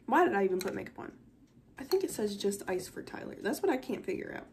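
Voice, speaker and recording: A woman's voice: mid-range voice, very animated, quick pace, slight background noise. A young woman, chatting through an unboxing vlog, gushing and close to tears. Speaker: vlogger.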